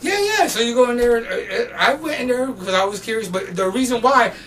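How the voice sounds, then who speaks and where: A man telling stories in a casual, animated way, full of slang and swearing and getting loud when he acts out the scenes. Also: very high-pitched, a little fast, recorded from a distance, slight background noise. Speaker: podcast guest. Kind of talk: casual storytelling.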